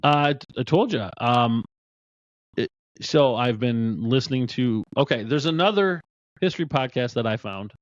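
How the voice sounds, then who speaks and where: A man's voice: medium pitch, lively intonation, moderate pace, dry recording, muffled recording. A man hosting a podcast in casual, rambling chat, laughing easily. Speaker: podcast host.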